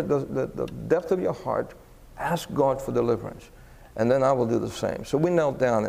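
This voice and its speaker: Gravelly preacher telling a story in an echoing hall. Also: male voice, mid-range voice. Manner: animated, voice rising for quoted exclamations. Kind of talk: sermon storytelling.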